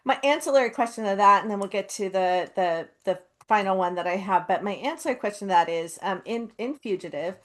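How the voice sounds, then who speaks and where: Thoughtful woman, mid-pitched, chatting. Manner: thoughtful, with frequent pauses and fillers. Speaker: co-host. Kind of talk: casual chat.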